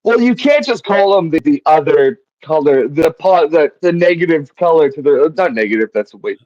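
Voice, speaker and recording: A man hosts a loose, rambling film-review chat and swears freely. His voice sits a little high. The dry, slightly dull sound comes from a headset mic. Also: normal speed, no room sound. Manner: rambling, swears often, quotes lines in animated voices. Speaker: podcast host. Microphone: headset mic on headphones.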